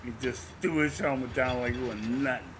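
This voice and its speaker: A man in a casual chat who retells scenes with excitement and acts out his own reactions. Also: mid-range voice, a little fast, noisy background. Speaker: podcast co-host.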